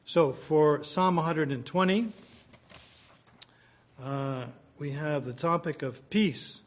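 Male preacher, earnest and conversational, fairly high pitch, reads scripture and prays. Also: takes it slowly, long pauses. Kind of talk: sermon with scripture reading and prayer.

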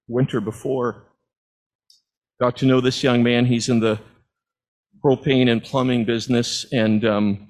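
A man's voice: mid-range voice, darkish tone, low-quality recording. A middle-aged man preaching, telling personal stories as testimony in an earnest, heartfelt way. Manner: earnest storytelling, at times moved to tears.

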